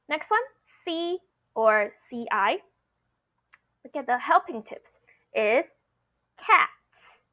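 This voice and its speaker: A woman teaching a pronunciation lesson, slowly and patiently drilling each sound. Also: on the high side, muffled recording. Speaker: Mandarin teacher.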